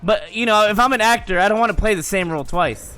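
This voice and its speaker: A young man telling casual stories, animated and profane, often laughing as he talks. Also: high voice, quick pace. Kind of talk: casual storytelling.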